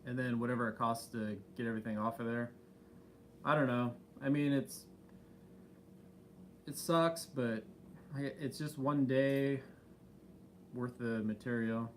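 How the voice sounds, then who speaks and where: A man's voice: medium pitch, measured pace, pauses often, a little hiss or hum. A man co-hosting a casual live stream, talking in an easygoing, rambling way with many fillers. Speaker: channel co-host.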